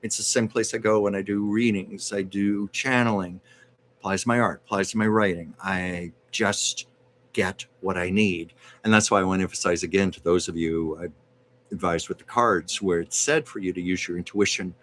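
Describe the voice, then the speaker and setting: A man with a fairly low voice hosts a relaxed live stream, laying out card readings for his viewers. He talks in a measured, reassuring way, pausing often and restarting his sentences. A faint hiss of noise sits under the voice. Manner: measured and reassuring, with frequent hesitations. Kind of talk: casual live stream chat.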